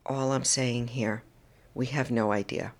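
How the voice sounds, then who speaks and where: A woman hosting a solo podcast monologue into a microphone, earnest and emotional, often dropping into a soft whisper. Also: a bass voice, fairly even intonation, unhurried. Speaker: podcast host. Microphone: studio microphone.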